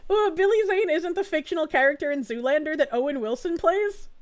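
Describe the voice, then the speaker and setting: High-voiced, swearing woman streamer. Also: brisk. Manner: swears freely, laughs a lot, excitable. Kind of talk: casual live-stream chat, reading chat messages.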